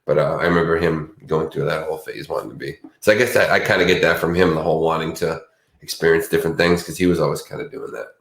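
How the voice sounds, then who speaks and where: A man with a deep, low voice talks in a loose, rambling way, often restarting his sentences as he reflects out loud. His voice rings in a roomy, echoey space. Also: fairly even intonation, fast talker, vocal fry. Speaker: podcast co-host. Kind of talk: casual chat.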